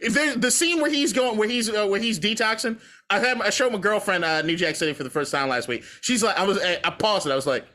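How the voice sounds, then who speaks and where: A man's voice: high-pitched, fast, sharp tone. A man co-hosting a podcast, rambling through profane, opinionated movie talk in a casual debate. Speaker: podcast co-host.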